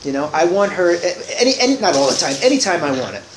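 A man's voice: high voice, sing-song, fast talker, roomy sound, background noise. A man speaking informally to a group at a recovery meeting in a room, rambling and restarting his sentences with wry humor.

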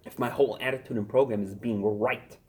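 A man's voice: mid-range voice, fairly even intonation, fairly quick, darkish tone, slight background noise. A middle-aged man sharing his recovery story at a fellowship meeting, in an intense, emphatic way and hammering his points home through repetition.

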